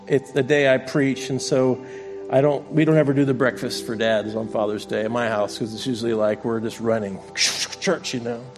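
A man's voice: mid-range voice, a little mellow. A middle-aged man preaching as pastor, telling a family story in a chatty, self-mocking way before closing in prayer. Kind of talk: sermon with personal story.

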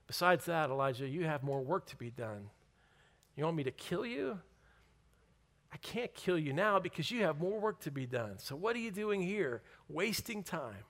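A man voicing God as patient and gently firm, coaxing with repeated questions. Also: a little high, expressive, moderate pace. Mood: probing.

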